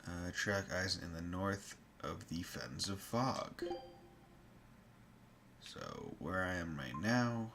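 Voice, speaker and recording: A man's voice: low voice, sing-song, slow, creaky, long pauses, a bit bright, a little hiss or hum. A man streaming a game, commenting casually and crudely, joking and mumbling to himself. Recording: voice over game audio with music.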